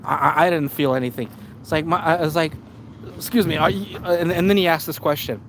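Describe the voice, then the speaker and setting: A man's voice: a little high, quick pace, gravelly, fairly bright tone, a little hiss or hum. A man live streaming, telling a story to his chat in a rambling way full of restarts and repeats.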